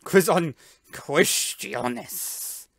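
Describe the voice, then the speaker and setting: A gaming YouTuber doing let's-play commentary, loud and excitable, with playful yelps, silly noises and sound effects. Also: mid-range voice, extremely slow, gravelly, no echo.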